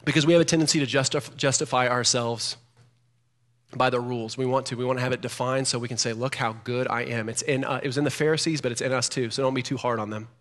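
A man preaching a sermon as pastor, animated and growing emphatic as he reads scripture aloud. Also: mid-range voice, quick pace. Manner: animated, rising to emphatic loudness when quoting scripture. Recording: long hall reverb.

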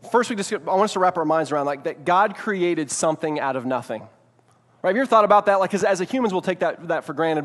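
A man gives a sermon in a relaxed, conversational way, checking in with his listeners again and again. His voice sits fairly high for a man. The sound carries a long reverb, like a large hall. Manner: conversational, keeps asking "right?" to check in. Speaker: pastor.

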